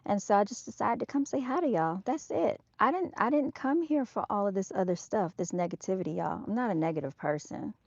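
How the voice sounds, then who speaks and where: A woman's voice: medium pitch, brisk, gravelly, hardly any pauses, darkish tone, no echo. Woman, casual live-stream chat, direct, outdoors, dull dry phone sound. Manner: chatty and direct, calls viewers "y'all". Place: outdoors at an evening motorcycle show.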